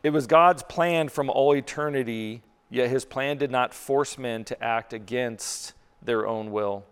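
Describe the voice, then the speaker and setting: A man's voice: mid-range voice, a little slow, smooth. A man preaching a sermon as pastor, earnest, often repeating words as he builds a point. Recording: long hall reverb.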